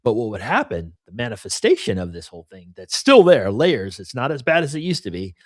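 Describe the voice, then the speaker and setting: A man's voice: mid-range voice, wildly swooping pitch, fairly quick, no echo, studio quality. A middle-aged man talking candidly and at length in a casual podcast conversation, often adding "you know" and "right?". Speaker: podcast co-host.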